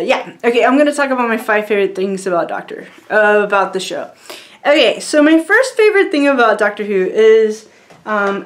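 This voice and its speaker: Young woman vlogger, higher voice, rambling, giggly, casual delivery. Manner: rambling and giggly, many fillers. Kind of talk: casual chat to camera.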